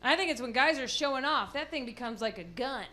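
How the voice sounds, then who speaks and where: High-voiced American woman doing stand-up. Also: animated, fairly quick, very noisy. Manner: storytelling, acting out bits in mocking voices. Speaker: stand-up comedian. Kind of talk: stand-up comedy set. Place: comedy club stage. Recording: live club recording, audience laughter.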